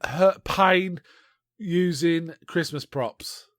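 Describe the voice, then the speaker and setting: A man on a podcast, casually retelling a film in a rambling, animated way with restarts. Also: a little high, very slow, dry recording, clean studio sound. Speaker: podcast co-host. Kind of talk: casual chat reviewing a film.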